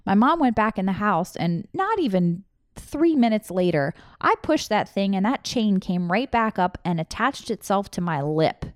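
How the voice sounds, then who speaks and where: A woman in her thirties tells a personal story with raw candor, cursing often as she goes. Her voice sits at a middle pitch, and the sound is dry and close with little room echo. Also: expressive, moderate pace. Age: 30s. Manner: candid, emotional, swears freely.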